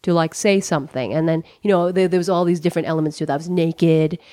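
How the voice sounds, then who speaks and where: A woman's voice: low voice, fairly even intonation, quick pace, dark tone, dry recording, clean studio sound. A middle-aged American woman telling a personal story, candid and profane, with lots of "like" and "you know". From United States. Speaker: comedian guest.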